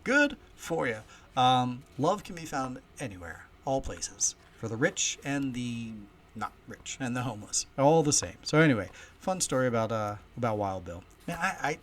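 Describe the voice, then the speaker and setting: A man hosting a casual solo podcast from home, chatty and storytelling, with loudness that swings often. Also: medium pitch. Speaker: podcast host. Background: faint ambience of heating and kids upstairs.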